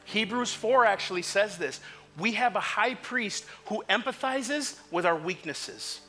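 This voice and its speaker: A male pastor preaching an impassioned sermon in a church, moving from quiet asides to shouts. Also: sits high, animated, a little slow, soft background music. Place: church sanctuary.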